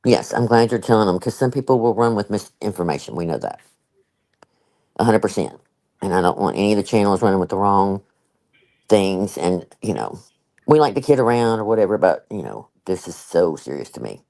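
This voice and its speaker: An older woman live-streams a casual chat, emphatic and talkative, with many asides and frequent laughter. Her bass voice is warm, a little fast and lively in intonation, though the recording quality is low.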